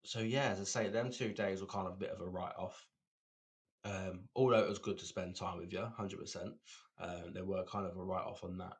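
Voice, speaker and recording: A man's voice: sits low, steady tone, brisk. A man co-hosting a podcast in casual chat, rambling and repeating words. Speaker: podcast co-host.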